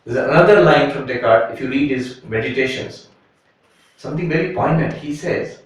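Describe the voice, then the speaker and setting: A man giving an animated spiritual lecture, telling a story and acting out its voices. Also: medium pitch, moderate pace. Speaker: monk giving a retreat talk. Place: retreat hall. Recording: echoey room, from a distance.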